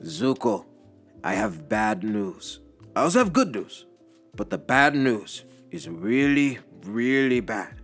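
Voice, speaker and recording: A man voicing a kindly old uncle who is a wise general, speaking in a gentle, measured, drawn-out way. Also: medium pitch, very animated, vocal fry, faint music behind, voice pushed up, full character voice.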